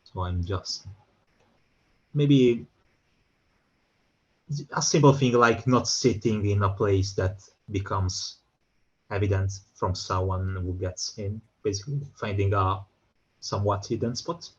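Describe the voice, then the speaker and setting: A man playing a tabletop game, hesitant and quick to laugh. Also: fairly low pitch, slightly rough, highs cut off. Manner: hesitant, laughs between lines. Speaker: player.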